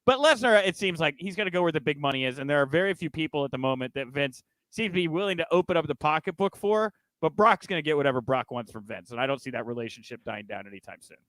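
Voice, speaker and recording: A man's voice: a little high, lively intonation, fast talker, hardly any pauses, fairly bright tone, dry recording, poor audio. A man hosting a podcast, running through news in a loose, chatty way with frequent fillers and jokey asides. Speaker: podcast host. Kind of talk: casual news chat.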